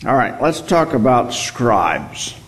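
Male Bible teacher, unhurried and emphatic, echoing hall sound. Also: mid-range voice, sing-song, a bit bright. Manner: explanatory, repeats key words for emphasis. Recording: long reverb, hall.

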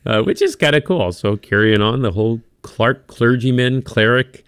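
A man's voice: mid-range voice, normal speed, a bit bright, clean tone, no echo, clean studio sound. A man from the United States co-hosting a casual talk show, easygoing and rambling with many fillers. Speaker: podcast co-host. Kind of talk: casual chat.

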